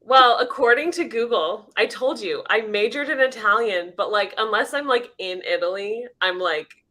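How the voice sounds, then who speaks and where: Bright woman with a light Irish accent. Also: a little high. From Ireland. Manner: quick, self-deprecating, laughing. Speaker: guest on a livestream. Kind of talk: casual chat.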